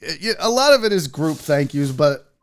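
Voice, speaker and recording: A man hosting a casual sports livestream, excitable, emotional and quick to swear. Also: fairly high pitch, clean tone. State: out of breath. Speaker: sports show host.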